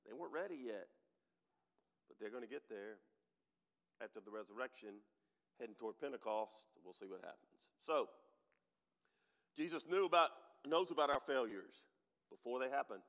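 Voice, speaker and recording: Impassioned pastor in a reverberant sanctuary. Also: male voice, medium pitch, expressive, normal speed, creaky, long pauses. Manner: swings from loud emphatic preaching to quiet, near-tearful intimacy. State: emotional, holding back tears. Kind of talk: sermon. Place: large church sanctuary. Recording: long hall reverb.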